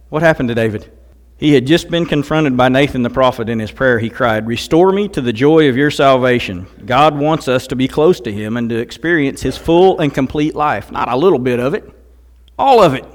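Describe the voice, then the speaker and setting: Older man, guest preacher, earnest testimony, bursts of emphasis. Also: medium pitch. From Missouri, USA. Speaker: guest speaker. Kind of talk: sermon with personal testimony.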